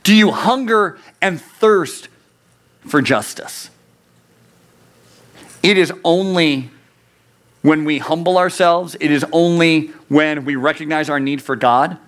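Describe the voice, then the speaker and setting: Guy giving a youth sermon, kinda higher voice, earnest and chatty, keeps asking the kids questions. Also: fairly bright tone. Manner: earnest, conversational preaching with rhetorical questions. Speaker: youth pastor.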